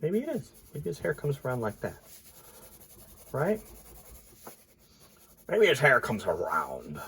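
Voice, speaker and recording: A congested man with a stuffy nose casually commenting as an artist while he draws, thinking aloud and often trailing into quiet mumbles. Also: mid-range voice, gravelly, slight background noise.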